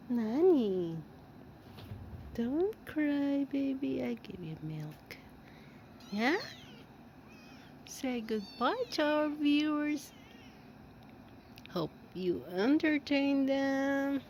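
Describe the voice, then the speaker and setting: Slow, cooing woman talking to kittens. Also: high-pitched, expressive, a little mellow, dull audio, slight background noise. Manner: cooing, slow, playful, laughing often. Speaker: vlogger filming her cats. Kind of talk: casual baby talk to kittens. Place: home with many cats. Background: kittens meowing.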